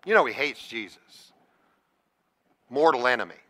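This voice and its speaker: A pastor with an expressive, mid-range voice and a sharp tone preaches at a measured pace, the sound carrying long church reverb through the sanctuary. His sermon is earnest, and he frequently asks the congregation direct questions.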